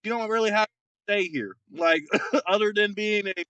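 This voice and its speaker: A young man talks through a casual football podcast rant in a bright, rather high voice. He is dry and close to the mic, and he keeps circling back with fillers and repeated words. His tone is mocking and exasperated. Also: normal speed, clean tone, dry recording, highs cut off. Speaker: podcast co-host.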